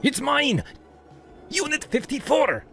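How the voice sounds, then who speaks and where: A man's voice: extremely high pitch, big pitch swings, slow pace, fairly bright tone, faint music behind, voice pushed up, heavily acted. A man voicing an enraged older man in his fifties with an Eastern European accent, bellowing and growling in broken English.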